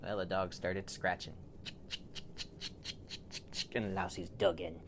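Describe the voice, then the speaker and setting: A man improvising a bedtime story for a child, playful and animated, with big swings in loudness. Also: sits low, slow pace, noisy background.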